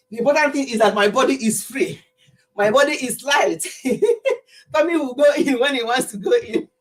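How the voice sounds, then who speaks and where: A middle-aged Nigerian woman chatting casually with her livestream viewers, laughing often as she tells stories. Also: high voice. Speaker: livestream host.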